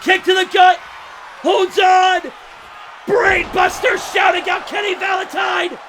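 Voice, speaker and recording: A young man calling a wrestling show play-by-play, frantic, shouting and disbelieving, over a loud crowd. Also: very high-pitched, little pitch movement, takes it slowly. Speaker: wrestling commentator. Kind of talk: excited play-by-play commentary. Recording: loud crowd and noisy venue. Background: cheering crowd.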